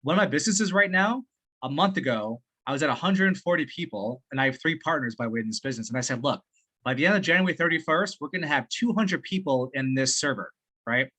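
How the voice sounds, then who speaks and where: Excitable guy on a video call, cussing a lot and laughing mid-sentence, bright forceful voice. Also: on the high side, fast, husky. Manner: excitable, swears often, laughs while talking. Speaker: sales training partner giving feedback. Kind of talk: casual call chat.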